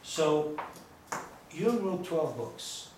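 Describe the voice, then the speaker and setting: A rabbi gives a small audience a chatty, digressive, informal lecture full of stories and joking asides. His voice is fairly high with big pitch swings, and he speaks very slowly. The recording comes from far off in an echoey room with faint noise.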